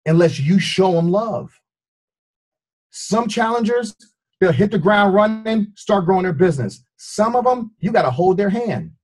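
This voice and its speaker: Slightly high husky guy preaching motivation, fitness trainer, keeps asking "you see what i'm saying". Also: a little mellow. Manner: preachy, repeats himself, asks the audience questions. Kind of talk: motivational speech.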